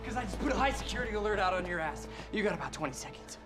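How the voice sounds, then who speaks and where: An actor playing a smug young security analyst who taunts a man in fast, mocking talk. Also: high-pitched, expressive, over loud music. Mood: taunting. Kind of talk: video game acting. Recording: game audio with loud score.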